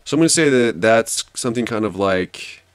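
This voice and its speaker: On his study channel, a man gives casual commentary on a history book, summarizing and explaining it while thinking out loud, full of fillers and restarts. His voice is on the low side, with lively intonation and a brisk pace, and there's no echo.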